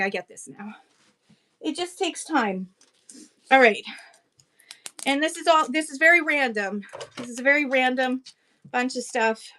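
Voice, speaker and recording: A woman's voice: high voice, a bit bright. A woman from Canada hosting a casual live-stream auction, chatty and rambling, greeting viewers by name. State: out of breath.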